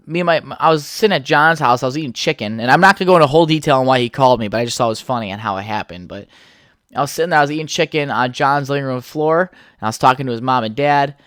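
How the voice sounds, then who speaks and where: A man's voice: mid-range voice, fairly bright tone, clean tone, no room sound. Profane rambling young man, dry close mic. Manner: rambling, profane, laughs often. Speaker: podcast host. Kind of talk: casual solo podcast chat.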